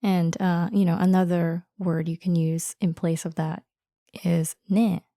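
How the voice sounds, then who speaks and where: Gravelly-voiced woman teacher who giggles often. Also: fairly low pitch, little pitch movement, unhurried, warm tone, no room sound, studio quality. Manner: giggly, explains words patiently. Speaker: language teacher. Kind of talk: casual language-lesson chat.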